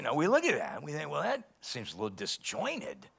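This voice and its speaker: A male pastor preaching a sermon, rising loud and emphatic when he quotes scripture. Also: on the high side, huge pitch swings, brisk, gravelly, hardly any pauses, slightly rough.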